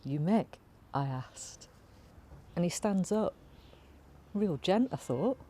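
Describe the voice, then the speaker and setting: A woman giving a wry, dry stage monologue at an unhurried pace. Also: fairly low pitch, expressive, dark tone. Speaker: actor.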